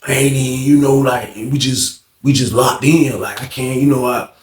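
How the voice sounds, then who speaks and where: A man's voice: mid-range voice, steady tone, normal speed, echoey room, distant mic, slight background noise, natural voice. A man voicing a fellow male inmate who talks in slang and keeps repeating "bro" and "man". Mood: low-key. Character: fellow male inmate, boastful, street-talking.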